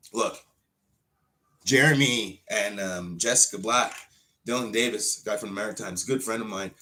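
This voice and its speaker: A wrestler hosting his own show, ranting in an unscripted way, full of swearing, with sudden loud outbursts that drop back to muttering. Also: lowish voice. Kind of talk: unscripted profane rant.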